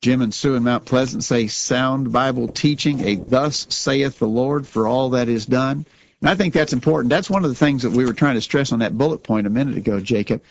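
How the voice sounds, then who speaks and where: A man's voice: mid-range voice, a little fast, gravelly, dull audio, a little hiss or hum. A man co-hosting a religious talk show, speaking earnestly and often repeating words as he starts a sentence. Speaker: radio show co-host.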